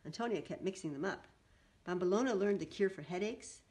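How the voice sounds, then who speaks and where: A woman's voice: mid-range voice, fairly quick. Woman reading a picture book aloud. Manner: expressive, animated read-aloud. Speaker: storybook reader.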